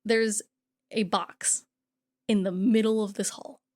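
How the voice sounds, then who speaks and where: A woman co-hosting a podcast, recapping a horror movie in casual, profane, animated chat. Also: medium pitch, slow. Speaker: podcast co-host.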